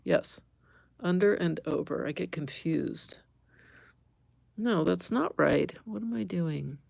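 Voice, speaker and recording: A middle-aged woman talks unhurriedly through an embroidery demonstration on a live stream, her fairly low voice carrying a gravelly edge. She thinks aloud, corrects herself, and tosses casual asides to her viewers. The sound is close and dry. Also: animated, slow pace, a little mellow, no echo. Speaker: embroidery teacher.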